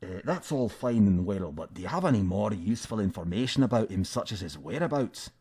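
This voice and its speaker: A man's voice: on the low side, expressive, a little fast, darkish tone, slightly rough, voice pushed up. A man voicing a weary adult adventurer in a fake beard, speaking with a Scottish accent in a hesitant, exasperated way.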